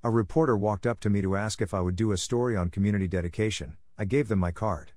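A man calmly narrating a first-person story in a plainspoken, unhurried way. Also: fairly low pitch, no echo, clean studio sound. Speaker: audiobook narrator.

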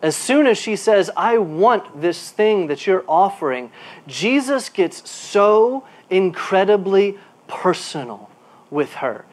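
Male pastor, sermon, fairly high voice, swings from quiet to emphatic, repeats words mid-thought. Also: slow pace. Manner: animated preaching, shifting between quiet asides and emphatic bursts; repeats words when searching for a phrase.

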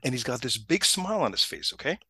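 A man telling a story in a casual chat, animated and acting out the people he quotes. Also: quick pace, breathy edge, no room sound. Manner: animated, acts out quotes with big pitch jumps, frequent restarts.

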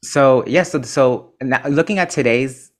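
A man's voice: medium pitch, measured pace. A man hosting a casual interview podcast, asking questions in an easygoing way with fillers and short agreeing replies. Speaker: podcast host.

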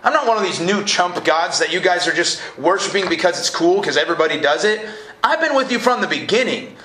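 A man preaching a lively, casual sermon to a college group, joking and then rising to emphatic peaks. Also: sits high, a little fast. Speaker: pastor. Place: college event hall. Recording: live room echo, faint noise.

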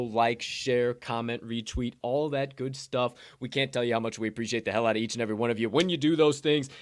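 A man co-hosting a sports betting podcast, talking casually with loud, profane, showman-style hype and ad reads. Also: mid-range voice.

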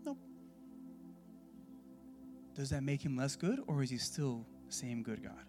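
A man leading a church Bible class in a casual, sermon-style way, animated and conversational, full of rhetorical questions. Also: mid-range voice, normal speed, over music.

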